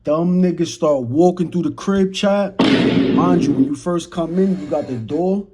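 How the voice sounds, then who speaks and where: A man's voice: fairly high pitch, unhurried. A young man with a New York accent telling a casual storytime in slang, talking straight to his chat and acting out the moments. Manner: slangy, talks to chat, animated retelling. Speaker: storyteller vlogger. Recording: noisy background.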